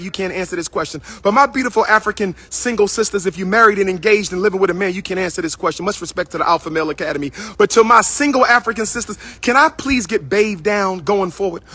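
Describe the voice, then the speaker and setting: A man hosts a casual livestream, speaking straight to his viewers. His voice sits high and bright. He repeats phrases in a playful, sing-song way and calls out to the people watching. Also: breathy edge, no echo. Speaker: livestream host. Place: indoors at his school building.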